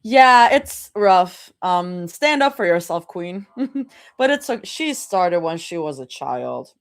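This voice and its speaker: A woman reads fanfiction on a live stream, slipping between the story text and chatty asides. She giggles often, and her voice swings widely in pitch, from low murmurs up to sudden high exclamations. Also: very animated, takes it slowly. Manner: giggly, breaks off to react and chat. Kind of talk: live reading with chatty reactions.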